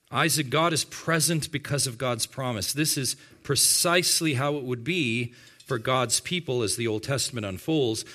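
Guy preaching a sermon, clear bright voice, a bit high, leans hard on the big words. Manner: emphatic preaching, slowing and rising on key words; addresses the congregation directly. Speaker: pastor.

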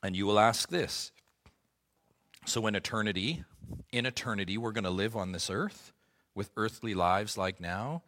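Low-voiced man preaching with emphatic swells. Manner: preaching with rising emphatic peaks and soft lows. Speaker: pastor. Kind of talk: sermon.

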